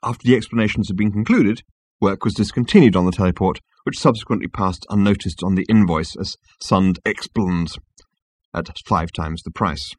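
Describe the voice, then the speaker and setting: A man reading an audiobook in scripted narration with a dry, measured storytelling manner on a close mic. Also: low voice, darkish tone, no room sound.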